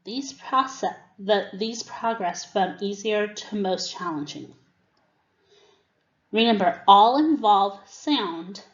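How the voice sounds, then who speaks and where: A woman giving a teacher-training presentation on reading skills, acting out classroom prompts as she explains them. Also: medium pitch. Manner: demonstrates classroom prompts, slow and deliberate. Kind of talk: instructional presentation. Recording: dull, roomy recording.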